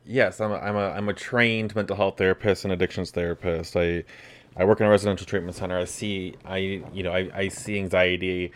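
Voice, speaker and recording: A man who is the host's partner, speaking on a podcast in a halting way with many fillers and restarts. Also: deep voice, steady tone. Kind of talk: casual conversation.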